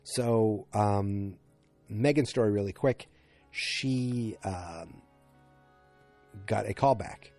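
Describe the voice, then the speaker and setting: Deep dark-voiced guy rambling thru a tv recap, lots of ums. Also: drawn-out words, pauses often, soft background music. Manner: rambling, full of fillers and restarts. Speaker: TV episode recapper.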